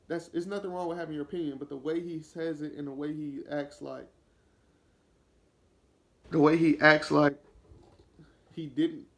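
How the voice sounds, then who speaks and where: High-voiced man ranting about football. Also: gravelly. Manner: animated, opinionated, talks straight at the listener; slips into acting out a player's voice. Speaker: podcast host. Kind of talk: solo sports commentary rant.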